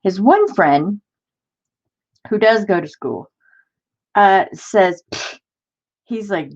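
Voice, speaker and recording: A woman's voice: sits low, takes it slowly, pauses often, muffled recording. A woman hosting a crafting stream, venting in casual chat and answering viewers in the chat. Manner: exasperated, talks to live chat viewers. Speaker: crafting channel host.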